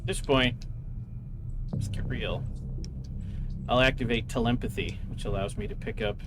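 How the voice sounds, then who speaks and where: A man's voice: mid-range voice, fairly even intonation, normal speed, noisy background. A man playing a tabletop game, speaking bluntly and decisively, with background music. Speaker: player.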